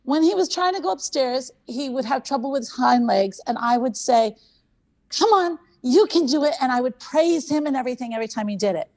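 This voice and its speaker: Animated gravelly-voiced woman hosting a talk. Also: sits high, fast, hardly any pauses. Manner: animated storytelling, repeats phrases for emphasis. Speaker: conference host. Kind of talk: conference talk.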